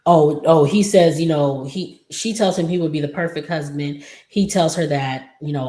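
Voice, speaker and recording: A woman's voice: low-pitched, fairly even intonation, moderate pace, dark tone. A woman casually recapping a TV episode, rambling with many fillers. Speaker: recap vlogger. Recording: echoey room.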